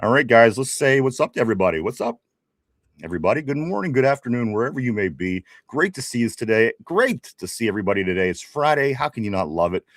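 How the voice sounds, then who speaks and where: A man's voice: medium pitch, quick pace, no echo, clean studio sound. A man with a Pittsburgh accent co-hosting a live sports talk show, reading viewer comments and joking around. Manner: animated, reads viewer comments, jokes around. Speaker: podcast co-host reading chat.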